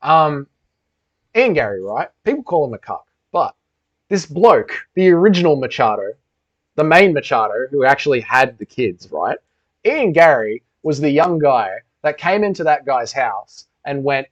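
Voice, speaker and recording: A man's voice: medium pitch, very animated, normal speed. A young man hosting a casual livestream Q&A, reading chat aloud and bantering crudely with heavy swearing. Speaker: livestream host. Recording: dull lo-fi stream audio.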